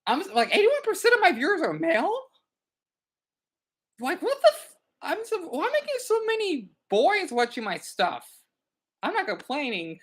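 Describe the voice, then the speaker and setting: A man's voice: very high-pitched, huge pitch swings, normal speed, long pauses. A man streaming live, chatting casually in a rambling way, stammering and repeating words as he goes.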